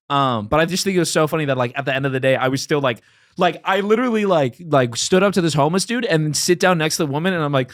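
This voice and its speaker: A man's voice: a little high, lively intonation, fast talker, fairly bright tone, dry recording, studio quality. A young man from Los Angeles telling a rambling story on a podcast, with lots of "like" fillers, acting out voices as he goes. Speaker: podcast host. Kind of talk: casual storytelling chat.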